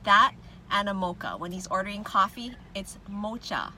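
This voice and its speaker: A livestream host chats casually with viewers from her parked car, greeting them and laughing frequently. She speaks at normal speed in a mid-range voice, with faint traffic audible through the lowered windows.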